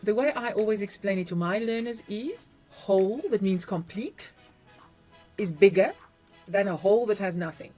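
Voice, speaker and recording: A middle-aged woman with a South African accent teaches English spelling, patiently explaining it to learners and spelling words out letter by letter. Her mid-range voice is mellow at a moderate pace, with faint music behind.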